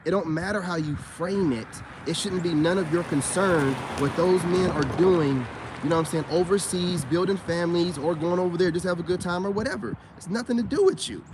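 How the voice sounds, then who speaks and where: An American man giving a blunt, heated ranting monologue as a vlogger, full of fillers, recorded in a vehicle. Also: sits high. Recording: loud background noise.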